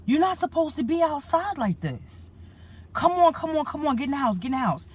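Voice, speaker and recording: A woman's voice: high voice, big pitch swings, brisk, voice pushed up. A woman preacher quoting a frightened adult who urgently begs a stranger to come inside and hide. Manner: urgent, pleading.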